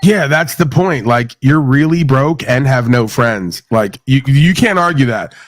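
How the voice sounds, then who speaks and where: A man's voice: mid-range voice, animated, measured pace. A man hosting a casual livestream chat, talking bluntly and profanely about his past and laughing often. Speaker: host.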